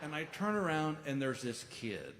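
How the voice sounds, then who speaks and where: A man in his fifties doing stand-up storytelling, animated and exasperated as he acts out the people in his story. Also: on the high side, normal speed. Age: 50s. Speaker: stand-up comedian. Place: large comedy venue stage. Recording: live hall reverb with noise.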